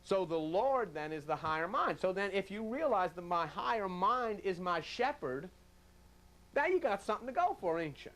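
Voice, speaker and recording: Male preacher, fairly high voice, folksy sermon delivery that acts out everyday voices. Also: animated, moderate pace, fairly bright tone.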